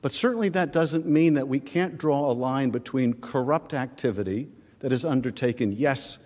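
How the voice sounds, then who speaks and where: In a large chamber full of long reverb, a prosecuting manager argues his case formally at a podium microphone. His mid-range, darkish voice moves at a normal pace as he earnestly presses each point.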